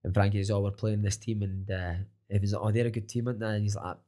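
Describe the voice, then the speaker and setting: A man's voice: lowish voice, little pitch movement, rapid-fire, warm tone. A Scottish man, a football coach and podcaster, telling stories with frequent swearing and laughter in a casual interview.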